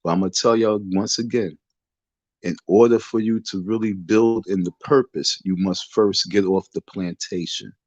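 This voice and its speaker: A man's voice: on the low side, normal speed, a little mellow, dry recording, muffled recording. A man hosting a livestream from his bedroom, talking into a phone in a defiant, repetitive, sermon-like way. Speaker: livestream host. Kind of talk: casual preachy livestream rant. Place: bedroom in the dark.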